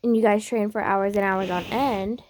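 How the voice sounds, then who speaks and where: A woman's voice: mid-range voice, steady tone, a little mellow, a little hiss or hum. A woman narrating a reader-insert story in a casual, chatty way. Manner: unhurried, chatty, with fillers.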